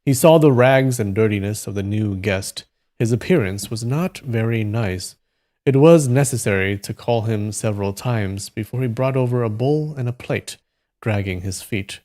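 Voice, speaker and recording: A man reading a translated novel aloud on a live stream, relaxed and stopping now and then to comment on the text. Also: fairly low pitch, moderate pace.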